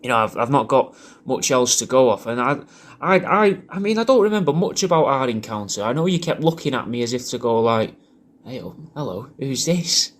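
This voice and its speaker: A man with an English regional accent giving a rambling, crude, deadpan comic monologue as a personalised video message. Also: mid-range voice, brisk. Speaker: comedic character doing a personalised video message.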